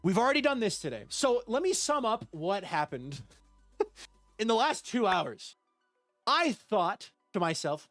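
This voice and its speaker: Chatty, high-voiced male game streamer. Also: very animated, unhurried, a bit bright, no room sound, faint music behind. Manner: chatty, reads out and thanks viewers by name. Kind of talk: live gameplay stream chat.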